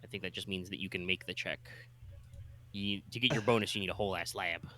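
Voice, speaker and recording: A man's voice: low-pitched, steady tone, fast talker, sharp tone, no echo. A man running a tabletop game as game master, explaining rules in a rambling way with lots of filler words.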